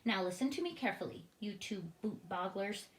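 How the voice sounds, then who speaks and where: Brief: gentle friendly male giant who mangles words, storybook read-aloud, done by a woman, echoey room. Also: mid-range voice, expressive, fairly quick, close to an everyday voice. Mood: calm. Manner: jumbled grammar, made-up words. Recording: roomy echoing room.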